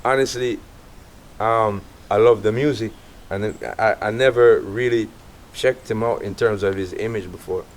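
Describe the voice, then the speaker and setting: A middle-aged Jamaican man, an artist as guest, telling stories in a relaxed casual interview. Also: on the low side, normal speed, slight background noise. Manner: relaxed, animated storytelling with quoted voices.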